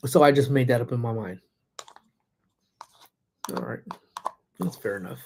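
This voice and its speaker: A man with a warm, mellow voice and a slight hoarseness talks casually on a livestream. He greets chatters by name, laughs easily and rambles through his day from a parked car. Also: mid-range voice, sing-song, normal speed, long pauses. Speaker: livestreamer who also teaches classes. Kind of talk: casual livestream chat reading viewer comments.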